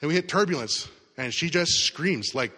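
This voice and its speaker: A man's voice: a little high, expressive, normal speed, pushed and bright. A middle-aged man preaching a sermon, telling a personal story in a casual, conversational way. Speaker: pastor. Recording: long hall reverb.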